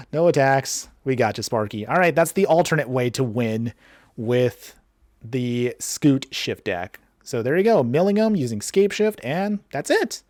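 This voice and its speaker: A man giving excited card game commentary and a deck guide, laughing often and talking straight to his viewers. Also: medium pitch, unhurried, no room sound, clean studio sound. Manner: chatty, addresses viewers directly. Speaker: card game content creator.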